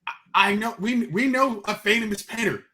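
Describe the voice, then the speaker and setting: A man's voice: sits high, moderate pace, pushed and bright. A man co-hosting a casual movie review chat who repeats himself and slips into playful mock dialogue. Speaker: podcast co-host.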